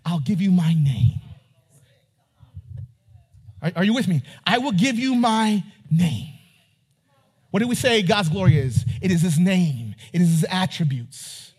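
A man preaching a sermon, reading scripture and asking his congregation questions, rising at times to near-shouting. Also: high voice, sing-song, measured pace, long pauses, slightly rough. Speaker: pastor.

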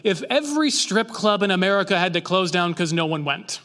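Male pastor, casual conversational sermon, high voice, acts out quotes for laughs, long hall echo. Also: very animated, brisk, sharp tone. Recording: long reverb of a large hall.

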